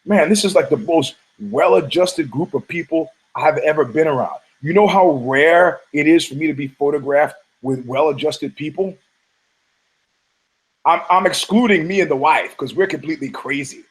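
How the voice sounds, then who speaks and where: A man's voice: a little high, moderate pace, breathy edge, poor audio. Profane, rambling man from Detroit. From Detroit, United States. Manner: profane, laughing, frequent restarts. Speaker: podcast host. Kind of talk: rambling casual commentary.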